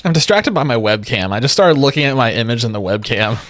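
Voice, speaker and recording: A man's voice: medium pitch, sing-song, fast, a bit bright, faint music behind. An exhausted man streaming from home, rambling and joking in casual chat with his viewers. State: exhausted from lack of sleep. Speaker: livestreamer. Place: home streaming setup with a webcam.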